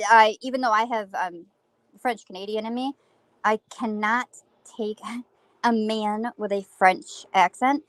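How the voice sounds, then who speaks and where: A woman's voice: medium pitch, measured pace, a bit bright, dry recording. A woman guest on a live-stream panel, telling a story in a giggly, casual way.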